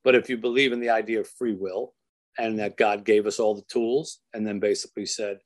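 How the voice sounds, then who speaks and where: A man as an interview guest, telling a story in an earnest, measured way and slowing down for emphasis. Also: lowish voice, steady tone. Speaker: author and guest.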